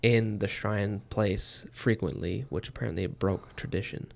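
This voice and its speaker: A man's voice: fairly low pitch, steady tone, unhurried, gravelly. A man co-hosting a book podcast, talking in a rambling way with many fillers and restarts. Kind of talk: casual chat.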